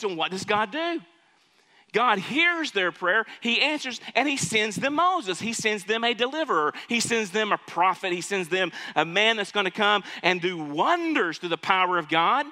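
A man preaching a sermon, swinging between loud, pleading cries and quiet, conversational asides. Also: high-pitched, animated, moderate pace. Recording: hall with long reverb.

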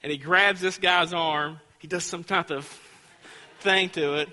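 A man's voice: a little high, steady tone, a little slow, sharp tone, big-room sound. A man preaching a sermon, telling a school story with acted-out voices before building to fervent preaching. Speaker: pastor.

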